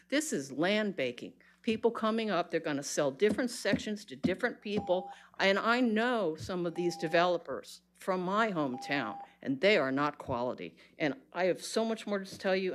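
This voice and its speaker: A woman's voice: fairly low pitch, lively intonation, moderate pace, few pauses, a little hiss or hum. A woman giving an impassioned, exasperated public comment at a county board meeting, speaking bluntly into a podium microphone.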